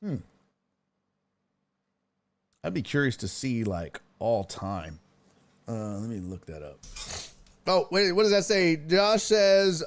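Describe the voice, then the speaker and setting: A man's voice: fairly high pitch, slow pace, long pauses. A man hosting a casual sports talk stream from a desk mic, reading viewer chat aloud, profane and joking. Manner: animated, profane, reads chat aloud and jokes. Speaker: sports talk show host.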